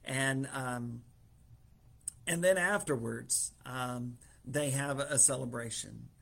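A man's voice: medium pitch, slow, vocal fry, fairly bright tone. A man preaching in a casual way, retelling a story through quoted dialogue with fillers and small chuckles.

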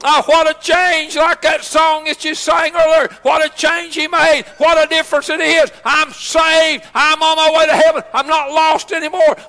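Man, pastor, shouted sermon, halting delivery, sharp tone, echoing sanctuary. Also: very high voice. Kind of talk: Pentecostal-style shouted sermon.

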